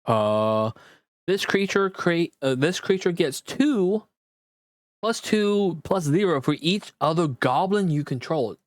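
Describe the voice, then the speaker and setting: Man at home opening cards, unhurried halting reading, reacts as he goes, dead dry room. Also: fairly high pitch, lively intonation, no room sound. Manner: reads card text aloud haltingly, with quick reactions. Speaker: card opening creator. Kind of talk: casual card-pack opening commentary.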